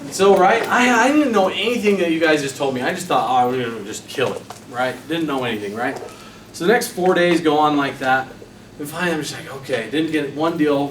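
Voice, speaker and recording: A young man giving a motivational sales training talk, telling a personal story in an animated way and acting out his own quotes. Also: medium pitch. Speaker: sales trainer presenting to a team. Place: meeting room. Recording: echoey room, mic far off, noisy.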